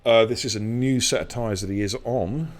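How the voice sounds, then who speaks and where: A middle-aged man, hosting a live sim racing stream with loud, excitable hype and cheeky banter. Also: fairly low pitch, moderate pace. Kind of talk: live esports race commentary.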